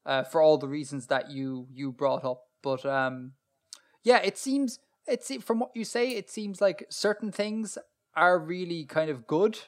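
A man with a somewhat high voice co-hosts a podcast. He keeps the conversation going in an easy, chatty way, reacting to his partner and asking follow-up questions. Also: unhurried. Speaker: podcast co-host. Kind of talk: casual chat.

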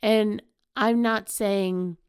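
A woman's voice: mid-range voice, fairly even intonation, drawn-out words, clean tone, dry recording, studio quality. A woman hosting a podcast, talking earnestly and emphatically in a conversational, motivational monologue. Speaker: podcast host.

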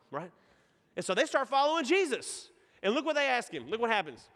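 A man's voice: high voice, big pitch swings, a little fast, fairly bright tone, long reverb tail. A man from East Texas with a Texan accent, preaching a sermon in a casual storytelling way and joking with the congregation. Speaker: pastor.

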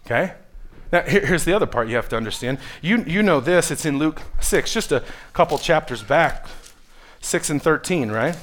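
A man preaching a sermon as pastor, earnest and direct, dropping to a hushed voice and then building to loud, emphatic peaks. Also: a little high, animated, normal speed, slight background noise. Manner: earnest, pushes the listeners directly.

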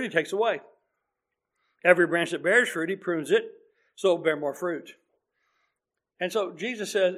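Male preacher, high-pitched voice, teaching sermon, emphatic then hushed. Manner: explanatory, swings between emphatic and hushed.

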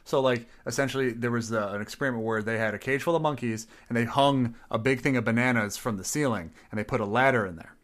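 A man from the Midwest runs a tabletop game in a relaxed, profane chat, his voice sitting at an ordinary middle pitch. He rambles through stories with easy laughs and filler words. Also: fast talker, hardly any pauses. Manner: loose, profane, laughing storyteller. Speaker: game master.

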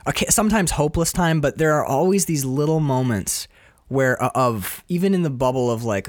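A man talks casually on a podcast, his voice sitting in a middle pitch. He tells stories in a loose, rambling way and drops into playful quoted voices now and then. The sound is dry and close. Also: brisk, dry recording. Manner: animated storyteller, jumps into playful quoted voices; loose, rambling delivery with restarts. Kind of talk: casual chat about a film.

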